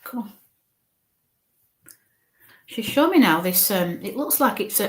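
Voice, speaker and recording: This spirit medium has a mid-range voice with lively intonation, and she takes her live reading for viewers at a measured pace, with long pauses. Chatty and reassuring, she thinks aloud while relaying what comes to her, using lots of "okays" and "bless yous."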